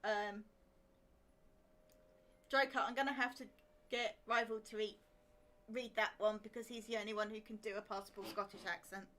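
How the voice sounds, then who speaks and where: A woman's voice: mid-range voice, steady tone, normal speed, long pauses, bright, forceful tone. A woman co-hosting a live game stream, playful and reading viewer messages aloud. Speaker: stream co-host. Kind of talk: live gameplay chat.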